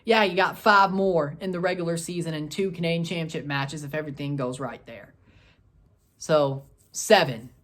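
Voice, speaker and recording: A man hosting a soccer review video, ranting and scolding in repeated short bursts, with loud outbursts and low grumbling. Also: normal speed. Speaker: soccer fan video host. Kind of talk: post-match review rant.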